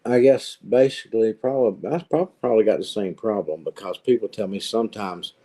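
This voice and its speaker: A man's voice: on the low side, a little fast, warm tone, slightly rough. A man from Virginia with a Virginia accent, chatting casually in an easygoing way and chuckling now and then. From Virginia, United States. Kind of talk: casual chat.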